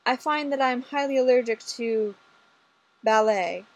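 A woman reading a soft-spoken polite constable. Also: on the high side, moderate pace, pitched above the performer's own voice, rough recording. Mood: flustered. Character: polite, earnest male constable.

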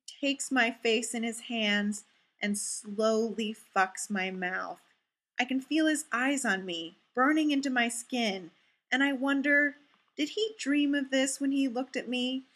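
Bright-voiced woman reading a story. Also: on the high side, measured pace. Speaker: story reader. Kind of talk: audiobook story reading, first-person narration.

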